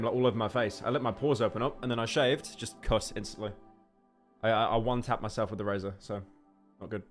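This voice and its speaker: A man streaming live from his home setup, joking and rambling, often stammering and repeating words into a desk microphone. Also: mid-range voice. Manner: joking, sarcastic. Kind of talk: casual livestream chat. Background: faint game music.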